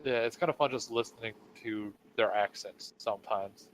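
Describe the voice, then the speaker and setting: A man's voice: on the low side, normal speed, noisy background. A man co-hosting a casual podcast chat, talking hesitantly with many fillers. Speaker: podcast co-host.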